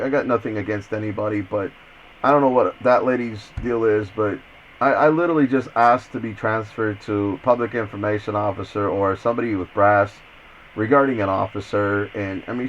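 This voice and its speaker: An investigative journalist with a lowish voice speaks fairly quickly on a recorded phone call, with slight background noise. Insistent and persistent, he often stammers and repeats his words.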